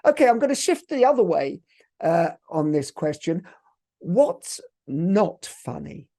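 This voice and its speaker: A man hosting a podcast interview who laughs easily and asks quick, light questions. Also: sits high, sing-song, mellow. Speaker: podcast host. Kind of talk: casual interview chat.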